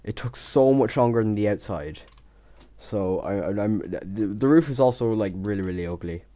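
Young male YouTuber, low and soft-toned, chatty and self-mocking, stutters. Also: lively intonation, normal speed. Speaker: Minecraft YouTuber. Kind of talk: casual voice-over of a build time lapse.

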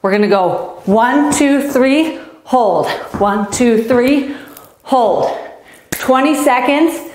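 Upbeat woman coaching a kids' warm-up. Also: sits high, slow pace, roomy sound. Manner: upbeat, encouraging, counts down and cheers. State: out of breath. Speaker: youth tennis coach. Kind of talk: energetic live-stream fitness coaching.

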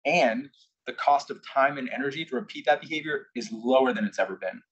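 A man speaks to a live audience with a husky edge to his voice, recounting a candid personal story. He sometimes acts out past exchanges. His pitch sits in the ordinary middle range for a man. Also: a little fast, highs cut off. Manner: candid storytelling, acting out shouted quotes. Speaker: invited speaker. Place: corporate headquarters presentation room.

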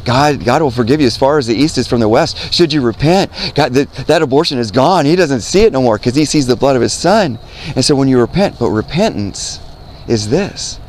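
A man's voice: medium pitch, lively intonation, fairly quick, darkish tone, slight background noise. A man preaching earnestly outdoors to young people, repeating himself, quoting scripture and asking "right?". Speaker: street preacher. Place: outdoors by a road.

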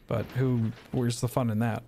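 A man streaming a video game, chatting in a jokey, animated way and telling stories. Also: medium pitch, normal speed, a little hiss or hum. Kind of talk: casual gaming stream banter.

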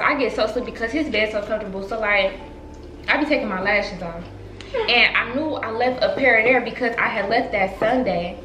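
A woman chatting casually with her twin during a mukbang, slangy and quick to laugh, recorded on a vlog camera at home. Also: a little high, pushed and bright. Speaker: vlogger's twin sister, guest. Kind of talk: casual chat over a mukbang. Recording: echoey room, faint music.

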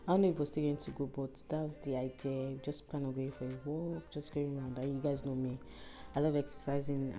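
A woman chatting to camera in a house for her travel vlog, tired and a little rough-voiced, rambling and laughing between thoughts. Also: low-pitched, mellow. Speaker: travel vlogger. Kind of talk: casual vlog chat. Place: indoors in a house.

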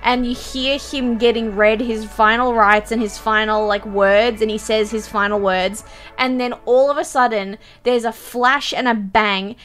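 A young woman, telling stories and reacting on a stream in a giggly, animated way, swearing casually. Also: fairly high pitch, unhurried, faint music behind.

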